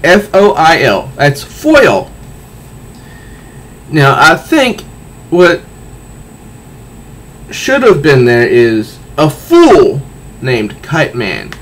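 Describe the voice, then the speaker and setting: Slow-talking man reviewing comics. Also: a little high, sing-song, a bit bright. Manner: recounts panels aloud with sound effects, frequent restarts.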